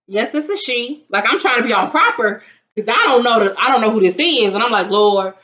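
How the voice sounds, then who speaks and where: A young vlogger dramatically retells a story in casual chat, acting out the quotes with animation. She speaks quickly in a higher voice, and the sound is dull and lo-fi.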